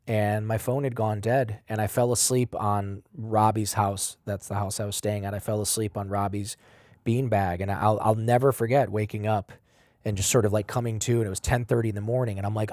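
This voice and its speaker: Male podcast guest, lowish voice, profane and animated storyteller, dry sound. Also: dry recording. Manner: animated, swings between loud and quiet. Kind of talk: emotional personal storytelling.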